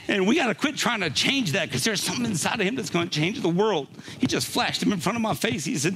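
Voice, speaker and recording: A man's voice: high-pitched, animated, fast, few pauses, fairly bright tone, slight background noise. An older man preaching a conversational sermon, often laughing and checking in with a "right?". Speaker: pastor.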